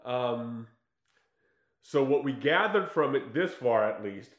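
Guy retelling a movie scene by scene, animated, swears a lot, roomy echo. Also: medium pitch, slow pace. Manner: animated storytelling with acted-out quotes, swears freely. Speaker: podcast co-host recapping a film. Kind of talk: casual chat.

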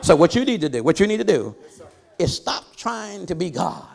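A man's voice: sits high, sing-song, creaky, darkish tone. A middle-aged man preaching a sermon as a guest preacher, passionate and rhythmic, with repeated refrains and "uh" lead-ins. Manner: breaks into chanted delivery with drawn-out "uh" lead-ins.

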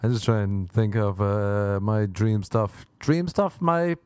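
A man's voice: fairly low pitch, slow, darkish tone, clear, resonant tone, no room sound. An Irish man hosting a podcast, rambling through a crude comedic monologue and slipping into silly voices. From Ireland. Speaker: podcast host. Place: living in Los Angeles.

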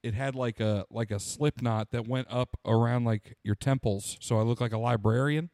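A young man chatting casually on a podcast, cracking crude jokes and breaking into laughter as he acts out what people said. His voice sits in a middle pitch, and the recording is close and dry, with no room sound. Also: normal speed, a little mellow, no echo. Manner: crude, laughing storyteller who acts out quotes. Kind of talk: casual chat.

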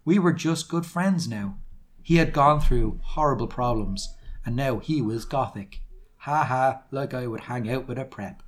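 A man's voice: mid-range voice, measured pace. A British man co-hosting a comedy podcast, reading a fan fiction aloud with dramatic flair. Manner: lively dramatic reading with silly put-on quotes. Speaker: podcast co-host.

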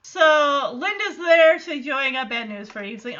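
A woman hosting a podcast, retelling a sitcom episode in a casual, animated way and acting out the characters' lines. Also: high voice, normal speed, hardly any pauses. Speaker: podcast host. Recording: slightly dull lo-fi sound.

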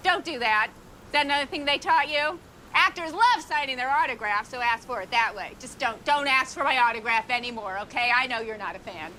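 Casting: bright, high middle-aged diva actress, shrill and indignant, TV comedy. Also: female voice, brisk, slight background noise. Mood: pleading. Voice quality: shrill when angry. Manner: indignant, repeating herself. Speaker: lead actress in a series. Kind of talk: TV comedy acting.

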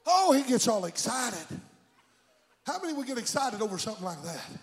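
A man preaching a sermon, telling a story in a hushed voice and then breaking into shouted exclamations. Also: very high-pitched, sing-song, fairly quick, in a large hall.

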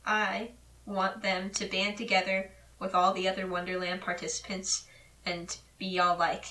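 A woman co-hosting a casual fan podcast, teasing and excitable, laughing often. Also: medium pitch, moderate pace, far from the mic. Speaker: podcast co-host.

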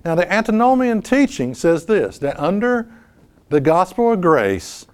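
A man preaching a sermon, emphatic, asking rhetorical questions and swinging between loud and hushed delivery. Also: sits high, sing-song, unhurried, clear, resonant tone.

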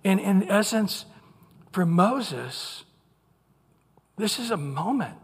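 Husky-voiced preacher in a reverberant hall. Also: male voice, sits high, slow. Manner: animated, acts out quotes in small voices. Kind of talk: Bible teaching sermon.

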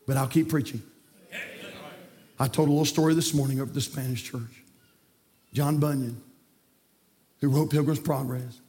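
A man preaching a sermon as pastor in a church, swinging between hushed passages and shouted climaxes. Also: a little high. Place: church sanctuary.

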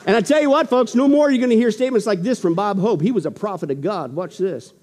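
High-voiced emphatic male preacher. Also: fast, long reverb tail. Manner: animated, emphatic, joking asides. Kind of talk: sermon.

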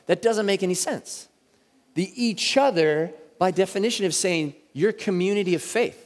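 A man in his thirties preaching a sermon in a church, talking in a conversational way and slowing down to stress key words. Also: high voice. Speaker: pastor. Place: church sanctuary. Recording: reverberant church hall.

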